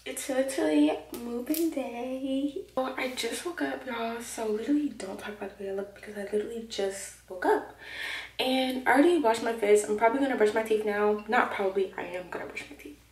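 Young woman vlogger, chatty, fairly high voice, distant phone mic, roomy echo, background noise. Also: fairly quick, a little mellow. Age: young adult. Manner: chatty, says "literally" and "like" a lot. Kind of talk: casual vlog chat. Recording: echoey room, distant mic, noisy.

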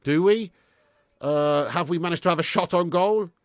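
A man's voice: on the high side, moderate pace, dry recording, clean studio sound. A young man hosting a live football watch-along, reading out viewer comments and sounding frustrated, blunt and given to casual swearing. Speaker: football fan channel host.

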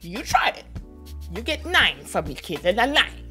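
A woman's voice: mid-range voice, sing-song, normal speed, music in the background, lightly acted. A woman putting on a foreign accent and broken English to play a boastful, self-proclaimed fashion stylist. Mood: gushing. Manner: haughty, in a put-on foreign accent. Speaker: vlogger. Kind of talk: comedic persona sketch.

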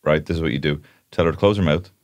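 A man's voice: a bass voice, rapid-fire, no room sound, highs cut off. An Irish man co-hosting a podcast, chiming in with dry, teasing remarks. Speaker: podcast co-host. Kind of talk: casual chat.

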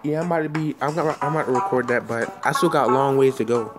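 A man giving excited live commentary while playing an online game, often out of breath and reacting loudly to each moment. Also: mid-range voice, very fast. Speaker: gaming channel host. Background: loud game music.

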